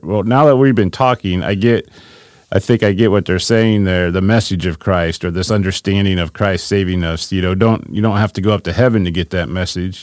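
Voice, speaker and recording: Deep-voiced man musing over scripture. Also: darkish tone, no room sound, studio quality. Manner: thinks aloud, reads scripture passages. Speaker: podcast host. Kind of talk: casual scripture discussion.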